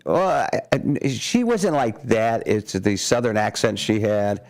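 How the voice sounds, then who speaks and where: A man with a low, gravelly voice co-hosting morning radio. He chats in an easygoing, rambling way, pausing and hesitating often, into a studio mic. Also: very animated. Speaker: radio co-host. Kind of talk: casual on-air banter. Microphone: studio microphone.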